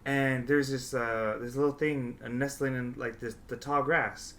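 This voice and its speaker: A young man hosting a podcast, telling stories in casual chat, animated and swearing freely, sometimes shouting as he acts out scenes. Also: medium pitch, normal speed. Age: young adult. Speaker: podcast host. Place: podcast studio.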